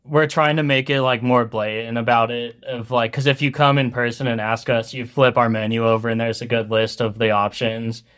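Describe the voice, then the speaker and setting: A young man from Colorado talks casually about his business as an interview guest. His delivery is flat and even, with little rise and fall, and he rambles loosely, leaning on fillers as he thinks aloud. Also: mid-range voice, normal speed, few pauses, smooth. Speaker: food truck owner, guest.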